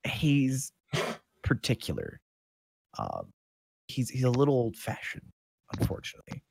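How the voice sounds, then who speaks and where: A man running a tabletop role-play game as game master, halting and restarting his sentences as he narrates. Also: medium pitch, wildly swooping pitch, creaky, a little mellow, no room sound.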